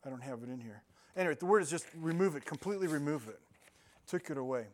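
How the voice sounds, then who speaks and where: A man's voice: on the high side, expressive, quick pace. An older man preaching an informal sermon, rambling and correcting himself, telling stories and laughing often. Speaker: pastor.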